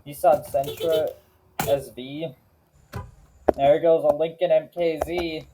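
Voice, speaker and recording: A man hosting a reaction video, naming car models one by one in a slow, matter-of-fact way. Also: on the high side, steady tone. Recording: clear background noise with clicks.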